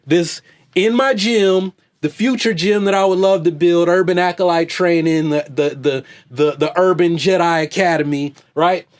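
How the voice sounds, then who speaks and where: A man's voice: sits high, moderate pace. A man, a vlogger and fitness coach, giving a loose, slangy off-the-cuff commentary rant full of "hey, man" asides. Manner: slangy, repetitive "hey, man", jokey mock voices.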